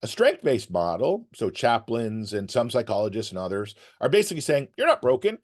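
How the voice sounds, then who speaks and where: A man's voice: lowish voice, fairly quick. A man giving advice to emergency workers, telling stories and acting out the people in them. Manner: animated, acts out quotes in story. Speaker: guest speaker on resilience. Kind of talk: storytelling advice talk.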